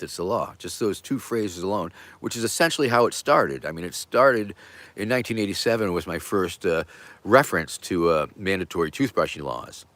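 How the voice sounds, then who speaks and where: A middle-aged man hosts a casual livestream, answering viewer questions in a rambling, halting way with many fillers and playful joking. His voice sits low with a fairly bright tone, and there's no room sound.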